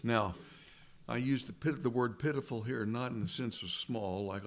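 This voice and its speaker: A pastor giving a conversational sermon, asking his listeners rhetorical questions and slowing down to stress key words. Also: medium pitch, a little hiss or hum.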